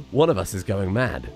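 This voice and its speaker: Excitable gamer man, lively pitch. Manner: excitable, laughing often, sarcastic asides. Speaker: gaming channel host. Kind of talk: let's play commentary.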